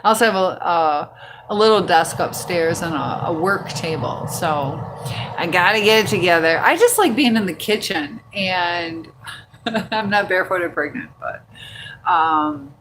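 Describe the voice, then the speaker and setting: A woman hosting a casual livestream from home, chatting in a rambling way and reading viewer comments out loud. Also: lowish voice, very animated, unhurried, background noise. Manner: chatty and rambling, full of fillers. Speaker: livestream host.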